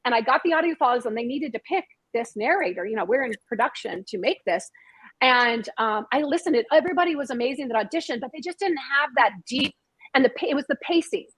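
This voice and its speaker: A middle-aged woman talks as an interview guest in a husky, somewhat high voice. She speaks casually and animatedly and doubles up words as she goes. Her voice sounds close and dry. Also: lively intonation, fast talker, a bit bright, no room sound, poor audio. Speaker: guest author and screenwriter.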